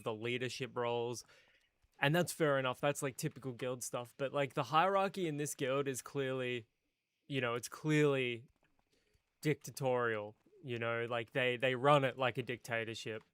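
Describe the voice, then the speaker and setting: A man's voice: medium pitch, steady tone, a bit bright, smooth, no echo. Opinionated man in a dry voice chat. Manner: measured, opinionated, hesitant restarts. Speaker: streamer host. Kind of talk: casual voice-call chat.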